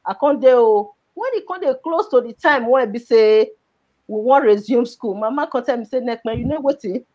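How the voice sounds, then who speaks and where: A Nigerian woman with a high voice and a Nigerian Pidgin accent tells her personal story to an interviewer. She speaks with feeling and repeats words for emphasis. The recording sounds dull and lo-fi. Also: normal speed, a little mellow. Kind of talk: personal life story in conversation.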